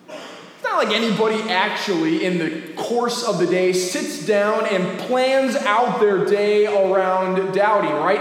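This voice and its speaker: A man pastor preaching a sermon in a lively, conversational way, asking the congregation rhetorical questions. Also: high-pitched. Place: church sanctuary. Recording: echoey church hall with faint ambience.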